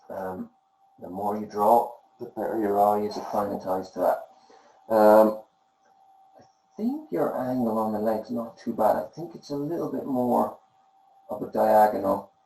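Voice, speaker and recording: A man's voice: fairly low pitch, gravelly. Man, art tutor, encouraging feedback on drawings, hesitant with ums, echoey room. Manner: gentle, encouraging, halting with fillers. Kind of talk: spoken feedback on student drawings.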